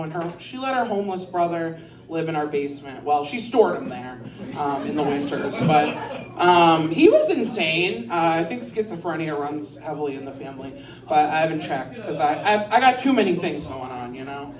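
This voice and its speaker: A woman doing a stand-up set in a bar, rambling and crude, mocking herself on a handheld mic. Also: fairly low pitch. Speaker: stand-up comedian. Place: bar with a live audience. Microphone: handheld stage mic. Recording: roomy bar, distant mic, crowd laughter.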